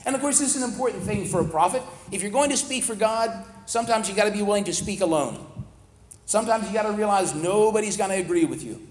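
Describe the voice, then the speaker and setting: A man's voice: sits high, fast. A man giving a plain-spoken, conversational Bible lesson, explaining the text as he goes. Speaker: Bible teacher. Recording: echoey hall with long reverb.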